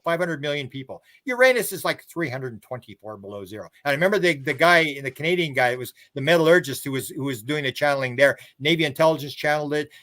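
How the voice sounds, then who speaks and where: Man, higher-pitched, interview guest, rambling storyteller, stumbling restarts, chuckling, animated quoted dialogue. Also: vocal fry. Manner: rambling, many restarts and repeated words; chuckles while talking. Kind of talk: casual storytelling on a live stream.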